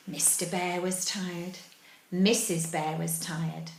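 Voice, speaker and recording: A woman teacher reading a picture book aloud to young children, animated, asking them questions and dropping into whispers. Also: lowish voice, slow, vocal fry, a little hiss or hum. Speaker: early-years teacher. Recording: roomy echo.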